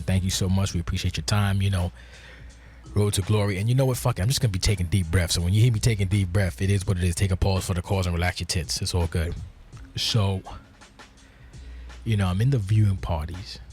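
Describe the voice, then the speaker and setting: Profane ranting man with low voice. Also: steady tone, brisk, soft background music. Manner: profane, rambling, swings from low mutter to loud exasperation. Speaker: podcast host. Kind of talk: casual unscripted rant.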